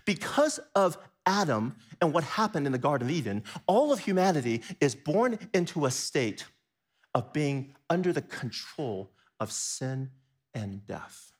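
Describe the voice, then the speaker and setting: A man preaching a sermon, asking his listeners questions and repeating phrases, swinging from quiet low stretches to high excited bursts. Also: unhurried.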